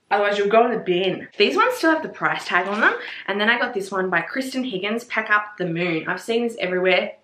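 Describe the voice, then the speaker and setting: A young woman talks through her book haul in a casual, swear-laden, excitable way, squealing and gasping over her finds. Her voice is bright and forward at an ordinary pitch. The room around her is echoey. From Australia. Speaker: book vlogger.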